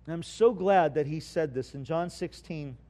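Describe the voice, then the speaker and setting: A man preaching a sermon as pastor, asking his congregation questions and swinging from hushed lines to loud bursts. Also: a little high, moderate pace. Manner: preaching with dramatic swings between quiet and loud; asks the congregation rhetorical questions.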